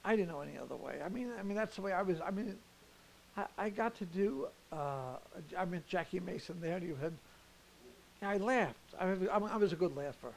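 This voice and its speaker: A man's voice: sits high, expressive, normal speed, a little hiss or hum, poor audio. An older man, a comedian and the show's host, telling rambling anecdotes in a backstage interview at a theater.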